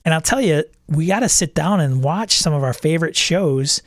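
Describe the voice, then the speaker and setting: Animated man talking shop about game mastering. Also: on the high side, normal speed, no echo, studio quality. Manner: animated storyteller who acts out players' quips. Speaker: game master and podcast host. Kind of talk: casual chat about running tabletop games.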